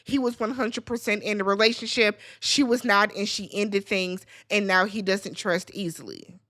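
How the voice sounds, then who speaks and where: A woman's voice: mid-range voice, normal speed, pushed and bright. A woman in her thirties giving a casual, sassy recap of a reality show and acting out quotes in exaggerated voices.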